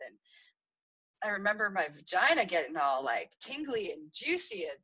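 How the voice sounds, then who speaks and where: A woman's voice: mid-range voice, sing-song, moderate pace, bright, forceful tone, breathy edge, poor audio. A woman hosting a podcast, telling a personal story in a confessional way, giggling and acting out dramatic moments. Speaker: podcast host.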